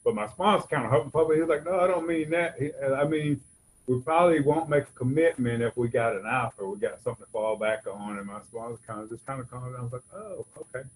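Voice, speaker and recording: A man's voice: medium pitch, fast, low-quality recording. Rambling man sharing his story. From Georgia. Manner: rambling, conversational, frequent "you know what I'm saying". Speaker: recovery convention speaker. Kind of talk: personal testimony talk. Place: convention hall stage.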